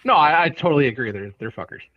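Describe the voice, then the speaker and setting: A man's voice: a little high, lively intonation, quick pace, a little hiss or hum. A man co-hosting a podcast in casual banter, laughing often and poking fun at himself. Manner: laughs often, self-deprecating. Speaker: podcast co-host. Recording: dry, dull lo-fi sound.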